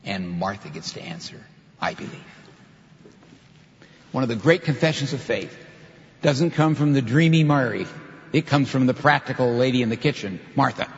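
A man's voice: mid-range voice, expressive, fairly quick. An older male pastor preaching a sermon, earnest and emphatic, with stresses that rise on key points. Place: church sanctuary. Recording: dull reverberant hall sound.

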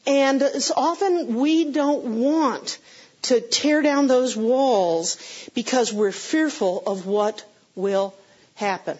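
A woman's voice: on the high side, slow, a little mellow, breathy edge, lo-fi sound. A middle-aged woman pastor preaching a conversational sermon, with self-deprecating humor, answering her congregation.

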